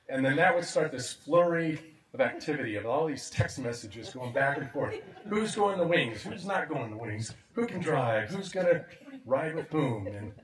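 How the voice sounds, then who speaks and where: Reflective man speaking at a memorial. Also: mid-range voice. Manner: warm, reflective, chuckling now and then. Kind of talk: memorial remembrance speech. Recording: echoey sound from a distant mic.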